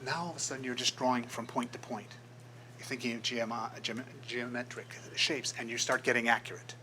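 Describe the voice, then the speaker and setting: A man's voice: medium pitch, fairly even intonation, brisk, bright, forceful tone, slight background noise, rough recording. An older man, a graphic designer, giving a casual talk to a club and acting out the voices in his stories. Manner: storytelling, acts out quoted voices. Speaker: guest speaker, graphic designer. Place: meeting room.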